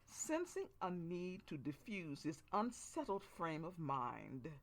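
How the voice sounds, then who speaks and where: Slow, low-voiced woman narrating. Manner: expressive first-person storytelling. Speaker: author reading her novel. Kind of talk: scripted audiobook narration.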